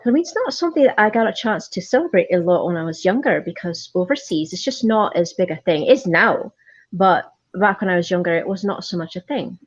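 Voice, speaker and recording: A woman talks through a subject in casual chat, explaining at length and saying "aye" now and then. Her voice sits a little low. The recording is dull and lo-fi, as if it came through a remote call. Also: animated, a little fast. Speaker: podcast guest.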